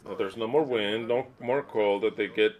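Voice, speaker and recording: A man interpreting a sermon aloud, emphatic, dropping to low muttering and then rising to loud outbursts. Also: moderate pace, narrow, tinny audio. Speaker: interpreter voicing a preacher.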